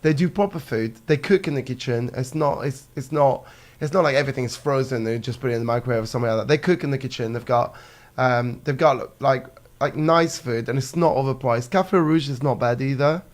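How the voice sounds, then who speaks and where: A man's voice: medium pitch, brisk. A man from France with a French accent, chatting casually over drinks, laughing often and padding his talk with fillers. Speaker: guest.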